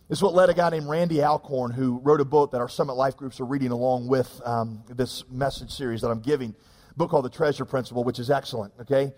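A man, preaching a sermon in an animated, joking, self-deprecating way. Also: on the high side, a little fast, long reverb tail. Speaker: pastor.

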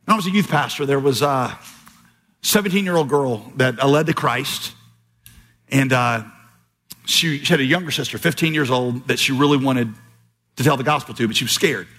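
A man's voice: medium pitch, moderate pace, pauses often, a bit bright. A man preaching a sermon as pastor, telling stories with quoted voices and emphatic turns. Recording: long hall reverb, slightly husky.

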